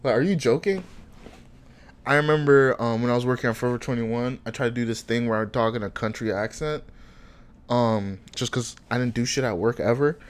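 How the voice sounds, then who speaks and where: A young man from Africa telling animated stories in casual chat, laughing often and acting out the quotes. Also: medium pitch, a little fast, smooth.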